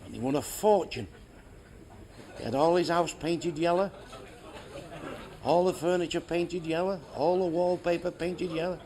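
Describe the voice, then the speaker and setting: A man's voice: fairly high pitch, normal speed, long pauses, mellow. A man telling crude jokes as a stand-up comedian, swearing heavily and landing blunt punchlines.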